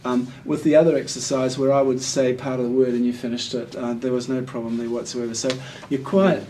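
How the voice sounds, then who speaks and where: A male literacy tutor gives assessment feedback in a one-on-one session, patiently encouraging and explaining things step by step. His mellow voice is medium in pitch, a touch fast, and flat in delivery. He's picked up from a distance, with faint room noise behind him.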